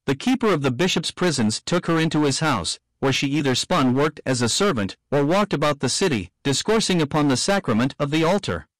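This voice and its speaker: A man reading archaic prose aloud as an audiobook narrator, in a steady, plain manner. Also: a little high, fairly quick, hardly any pauses, no echo, rough recording. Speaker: reader. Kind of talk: audiobook reading of old text.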